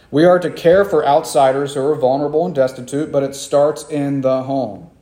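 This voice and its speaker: A man's voice: medium pitch, brisk, few pauses, mellow, reverberant. A man preaching a sermon as pastor, earnest and emphatic, driving points home by repeating them.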